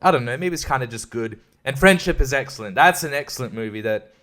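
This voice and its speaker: A man's voice: mid-range voice, lively intonation, quick pace, fairly bright tone. A young man hosting a solo podcast in a casual, rambling way, often stumbling and restarting with little laughs. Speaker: podcast host.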